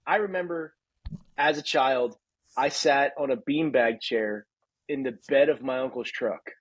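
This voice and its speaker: A man in his thirties rants through a casual podcast chat and laughs at his own jokes. His voice is husky and sits at a middle pitch. The sound is dry and close. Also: a little slow, no echo, poor audio. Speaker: podcast co-host.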